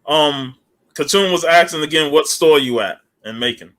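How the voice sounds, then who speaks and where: A man co-hosting a casual live stream, relaxed and reading out viewer comments. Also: on the high side, normal speed. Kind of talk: casual chat.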